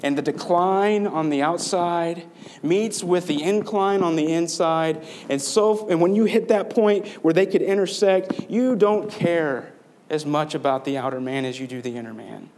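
A man's voice: fairly high pitch, unhurried, darkish tone. A man delivering a sermon as pastor, earnest and conversational, asking his listeners rhetorical questions.

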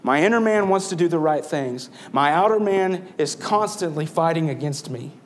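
Earnest man preaching in a slightly higher voice. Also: lively intonation, moderate pace. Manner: earnest, conversational preaching with rhetorical questions. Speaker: pastor. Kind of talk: sermon.

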